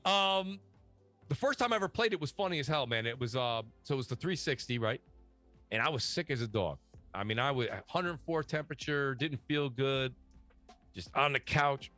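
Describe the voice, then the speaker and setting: Animated man telling gaming stories. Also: mid-range voice, moderate pace, soft background music. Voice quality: animated, storytelling with slangy asides. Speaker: podcast guest. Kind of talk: casual gaming chat.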